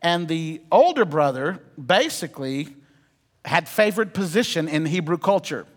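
A man's voice: a little high, big pitch swings, measured pace. A man preaching a sermon, telling stories with humorous asides to the congregation. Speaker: pastor. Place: church sanctuary. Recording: long reverb of a church hall.

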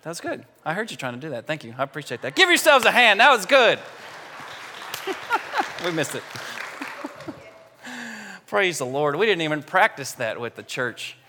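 Brief: high-voiced male preacher, lively, playful with the crowd, reverberant sanctuary sound. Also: normal speed, pauses often, a little hiss or hum. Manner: lively, joking with the congregation. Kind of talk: sermon. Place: large church sanctuary. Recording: church hall reverb.

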